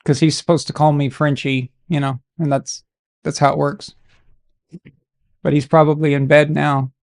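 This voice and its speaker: A man's voice: a little high, little pitch movement, normal speed, gravelly. A man hosting a live stream, chatting casually while watching a game, with rambling, jokey banter and sudden outbursts. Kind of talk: casual watch-along chat.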